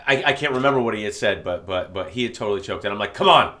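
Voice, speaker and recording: A man's voice: fairly low pitch, rapid-fire, a bit bright. A man co-hosting a podcast in casual chat. He tells stories with lots of animation and swears freely. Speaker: podcast co-host.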